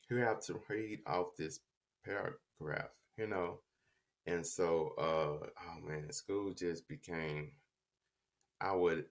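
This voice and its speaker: A man with a very low, gravelly voice tells his own story slowly and unhurriedly. He stutters, repeating and restarting words, in a reflective, confessional podcast tone. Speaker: podcast host telling his life story. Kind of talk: personal storytelling.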